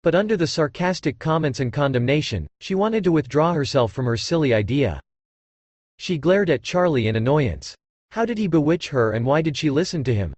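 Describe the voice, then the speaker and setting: A man narrating a novel as an audiobook in a dramatic, expressive reading style. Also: fairly high pitch, fairly quick, dry recording.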